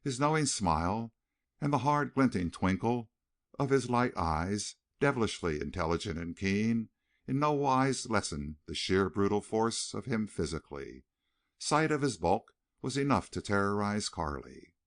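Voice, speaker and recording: A man narrating a western novel as an audiobook, reading in an expressive, dramatic way. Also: on the low side, a little slow. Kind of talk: scripted narration.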